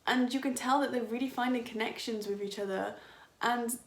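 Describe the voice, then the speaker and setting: A young woman in her twenties chats through a dance reaction, enthusiastic, rambling and quick to laugh. Her voice sits a little high and has a gravelly fry. She records in a room with noticeable echo. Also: steady tone. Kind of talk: casual reaction chat.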